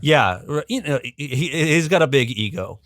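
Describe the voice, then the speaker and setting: A man, a podcast guest and religious educator, telling a history in a casual, animated way, with frequent ums and restarts. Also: medium pitch, normal speed, dry recording, clean studio sound. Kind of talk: casual storytelling explanation.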